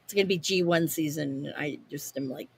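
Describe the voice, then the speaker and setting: A woman co-hosting a wrestling podcast, chatting casually with lots of swearing and rambling, animated stories. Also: low voice, fairly quick, gravelly, a little hiss or hum. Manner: profane, rambling, animated storytelling. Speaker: podcast co-host.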